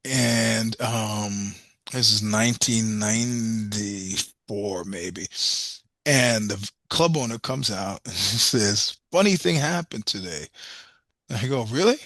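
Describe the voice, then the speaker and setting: A man's voice: lowish voice, steady tone, slow pace, a bit bright, no room sound. A middle-aged man telling blunt, profane road stories in a casual interview, acting out both sides of each exchange. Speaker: podcast guest, musician.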